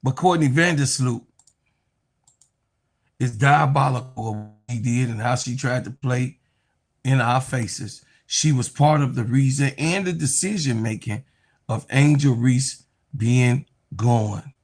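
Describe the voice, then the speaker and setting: A man's voice: medium pitch, measured pace. A man giving casual, slangy reaction commentary on sports, mocking and acting out quotes as he talks.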